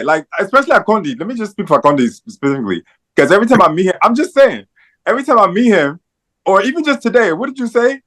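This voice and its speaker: A man's voice: high-pitched, very animated, fast talker, a bit bright. Rambling man in casual podcast chat. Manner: rambling, hesitant, full of acted-out quotes. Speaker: podcast co-host.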